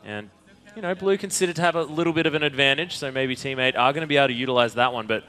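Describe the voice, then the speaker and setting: A man doing lively play-by-play commentary on an esports match. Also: mid-range voice, clear, resonant tone. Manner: lively, excitable play-by-play with quick reactions. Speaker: esports caster.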